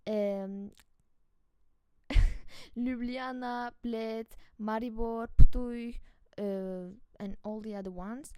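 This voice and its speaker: A woman's voice: a little high, mellow, clean tone, no room sound. A woman from Türkiye with a Turkish accent, a podcast host chatting casually on her own, giggly and chatty, often restarting words. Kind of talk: casual solo chat.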